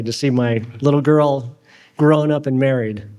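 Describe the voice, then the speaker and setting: A man's voice: mid-range voice, fairly even intonation, measured pace, dark tone, clear, resonant tone, faint music behind. A middle-aged man, father of the bride, starting an emotional toast with self-deprecating humor and small stumbles. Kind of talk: wedding toast speech.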